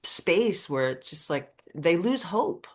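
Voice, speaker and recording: Woman podcast host, low voice, empathetic and casual, keeps the talk moving. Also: sing-song, slow. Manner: empathetic, prompting, casual fillers. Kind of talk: casual conversational interview.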